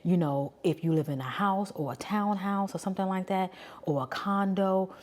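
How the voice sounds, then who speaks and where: A woman in her forties with a New York accent, talking casually and candidly to her viewers and thinking out loud. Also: medium pitch, moderate pace. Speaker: vlogger. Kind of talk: casual talk to camera.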